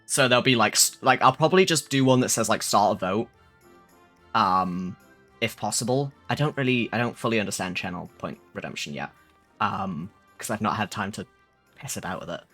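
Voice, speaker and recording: A man's voice: fairly low pitch, animated, fairly quick, fairly bright tone, faint music behind. A young man chatting casually on a live stream, rambling and swearing with lots of fillers.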